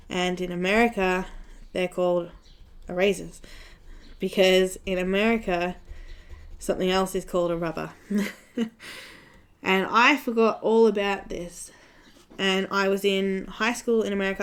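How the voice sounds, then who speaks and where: Young woman, Australian accent, smooth clear voice, middle pitch, chatty storyteller, live-stream chat. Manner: chatty storyteller, laughs often. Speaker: coloring channel host. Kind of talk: casual live-stream chat while coloring.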